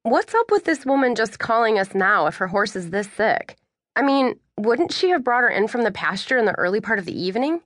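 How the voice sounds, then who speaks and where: A woman reading a first-person audiobook in a measured storytelling way. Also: fairly high pitch, very animated, fairly bright tone, no room sound, clean studio sound. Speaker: audiobook narrator.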